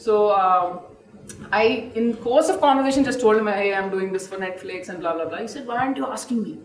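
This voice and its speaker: Fast-talking Indian-accented male director, distant, echoey room sound. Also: high voice, animated. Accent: Indian English. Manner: explains casting choices, switches into Telugu mid-sentence. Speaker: film director. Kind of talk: casual interview chat.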